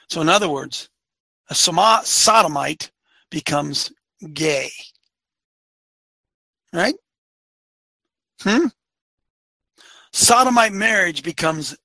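Fiery high-pitched gravelly man ranting. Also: sharp tone, no echo. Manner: fiery, rhetorical, hammering questions; repeats phrases for emphasis. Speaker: commentary show host. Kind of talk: opinionated monologue.

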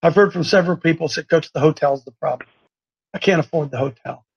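A man hosting a live call-in show, talking in an excitable, preachy, rambling way. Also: on the high side, fast, creaky, slightly rough, dull audio.

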